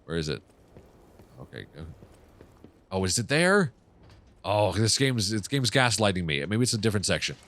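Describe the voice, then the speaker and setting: A deep-voiced man hosts a casual let's-play, cursing freely and yelping at the game. His pitch jumps around a lot. A faint background hum sits under the voice. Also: sing-song, normal speed, long pauses. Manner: swears often, reacts loudly to the game. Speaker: gaming channel host.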